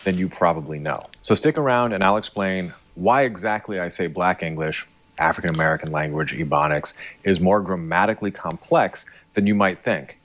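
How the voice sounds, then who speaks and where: A man's voice: low-pitched, normal speed, a bit bright. A man presenting a scripted explainer video as a linguist, confident and articulate with a teasing edge.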